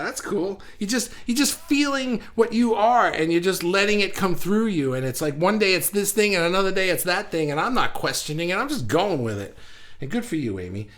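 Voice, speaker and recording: A man hosting a casual livestream, chatting in a rambling way and reading viewer comments aloud. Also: high voice. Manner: rambling and chatty, with frequent restarts. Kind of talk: casual live chat.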